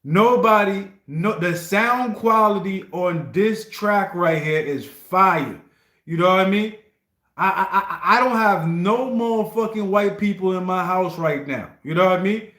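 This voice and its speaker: A man's voice: high-pitched, measured pace, a bit bright. A man hosting a livestream of song requests, talking in casual slang, stammering and often asking "you know what I mean". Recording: roomy echo.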